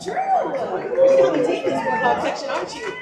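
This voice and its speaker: A woman's voice: extremely high pitch, wildly swooping pitch, a little fast, over a noisy crowd, very noisy, full character voice. Sassy, teasing woman playing a stage host. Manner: teasing, flirts with audience members. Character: sassy flirty woman host named the gift. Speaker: show performer leading the crowd. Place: large theater with a live audience. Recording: roomy, distant stage recording with music.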